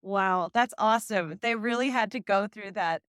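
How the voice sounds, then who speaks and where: A woman's voice: medium pitch, normal speed, dry recording, studio quality. A woman hosting an interview, reacting with laughter and thanking her guest. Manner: warm reactions, laughs along. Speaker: interview host. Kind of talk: casual interview.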